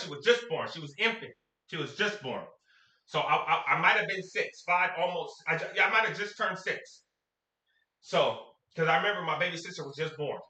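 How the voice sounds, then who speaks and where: A man from Sacramento tells a story to camera in a slangy, animated way, his voice high and swinging. The tone is bright and sharp. He is recorded in an echoey room. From Sacramento, California. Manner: animated, slangy, acts out quotes.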